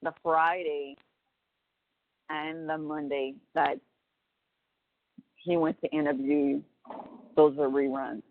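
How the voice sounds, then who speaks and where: Low, gravelly woman on a phone line. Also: little pitch movement, no room sound. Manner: halting, restarts often. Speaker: relative on a prison call. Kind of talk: casual phone chat.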